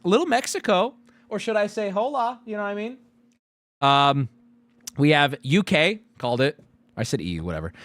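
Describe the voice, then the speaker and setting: A man streaming live, reading out survey results in loud, profane, sarcastic casual commentary. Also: on the high side, dry recording.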